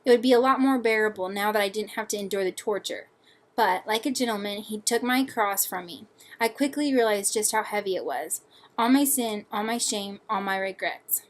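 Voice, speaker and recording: A young woman and student reading her personal essay aloud in an earnest, measured way. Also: medium pitch.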